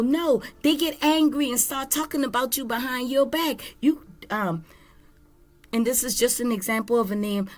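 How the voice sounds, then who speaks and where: High-voiced woman giving a tarot reading. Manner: slow, emphatic, earnest. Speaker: tarot reader.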